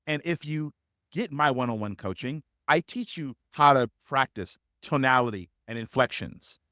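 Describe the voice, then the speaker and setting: A man's voice: mid-range voice, animated, normal speed, bright, forceful tone, no room sound, studio quality. A man teaching sales as a coach in a live webinar, speaking emphatically and repeating key phrases to drive points home.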